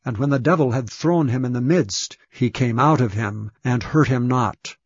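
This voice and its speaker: A man giving a measured, solemn scripture reading. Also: mid-range voice, slightly rough, no room sound. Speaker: scripture reader. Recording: dull, dry lo-fi recording.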